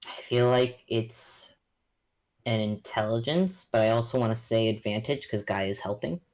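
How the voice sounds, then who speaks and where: A woman with a strikingly low voice plays a tabletop game, chatting casually. She thinks aloud with an amused tone. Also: moderate pace, a little mellow. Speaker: player.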